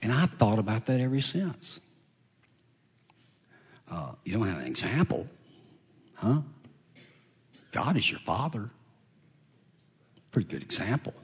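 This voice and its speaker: A middle-aged man preaching a sermon in a conversational way, pausing and restarting, his pitch swinging up and down. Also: very animated, a little mellow, breathy edge. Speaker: pastor.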